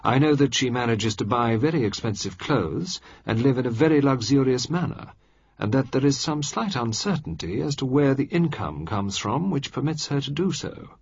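A man's voice: mid-range voice, sing-song, husky, dry recording, voice pushed up. A man voicing a shrewd, composed older male government minister in a story reading, speaking with careful deliberation. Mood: measured. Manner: deliberate, measured. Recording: dry, slightly dull recording.

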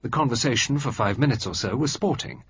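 A man narrating an audiobook in a steady, measured reading style. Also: mid-range voice, breathy edge. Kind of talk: scripted narration. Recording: dry, slightly dull recording.

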